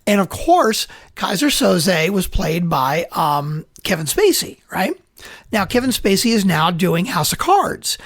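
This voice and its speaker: Excitable, rambling man with a gravelly voice. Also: high-pitched, unhurried, no echo, studio quality. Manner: excitable, rambling, swears freely. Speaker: podcast co-host. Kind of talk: casual podcast chat.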